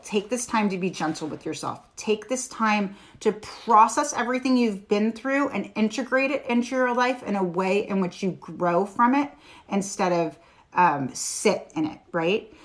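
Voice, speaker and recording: A woman's voice: medium pitch, measured pace. A woman giving a live-stream tarot reading, reassuring and chatty with her viewers. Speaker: tarot reader.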